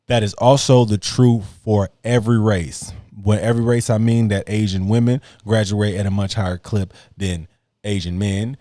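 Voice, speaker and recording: A man's voice: lowish voice, warm tone, dry recording, studio quality. A man hosting a podcast, reacting to clips in blunt, profane casual commentary and laughing mockingly.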